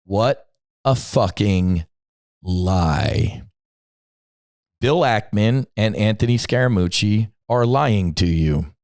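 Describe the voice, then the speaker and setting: A man's voice: fairly low pitch, lively intonation, slow pace, long pauses, a little mellow, dry recording, clean studio sound. A middle-aged man hosting a podcast, delivering a blunt, profane, combative rant with sudden emphatic bursts. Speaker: podcast host.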